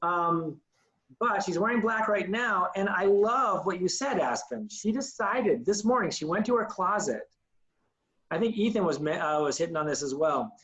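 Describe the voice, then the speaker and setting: Male acting teacher, slightly high voice, upbeat, coaching tone. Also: lively intonation, moderate pace, fairly bright tone, rough recording. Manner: upbeat, coaching, demonstrates lines aloud. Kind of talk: online acting class instruction.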